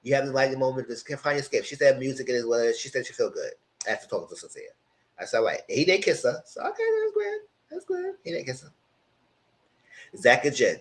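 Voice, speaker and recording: A man giving a casual live recap of a reality dating show, animated and slangy, with mocking asides to the contestants. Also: medium pitch, brisk. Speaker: reality TV reviewer.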